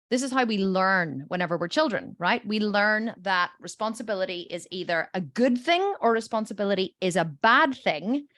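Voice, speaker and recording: Animated woman coach telling stories. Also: medium pitch, no room sound, clean studio sound. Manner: animated storytelling, checks in with "okay?" and "right?"; acts out voices in quotes. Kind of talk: teaching a group session.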